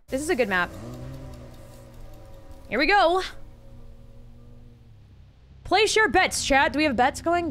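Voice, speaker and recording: A young woman streaming a game, chatting casually with her viewers in excitable bursts. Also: high-pitched, measured pace, pauses often, faint music behind. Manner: chatty, talks to chat, excitable exclamations. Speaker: live streamer. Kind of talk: casual live-stream chat.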